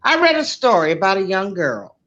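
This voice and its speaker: A woman co-hosting a casual chat, telling stories in an animated way and laughing often. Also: medium pitch, brisk, highs cut off. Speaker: co-host.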